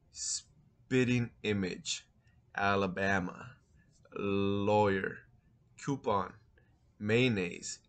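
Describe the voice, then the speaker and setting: A man's voice: lowish voice, a bit bright. A man in his thirties from East Los Angeles with an East LA accent, casually answering accent tag questions and thinking aloud, with a few Spanish words. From East Los Angeles, California. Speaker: vlogger.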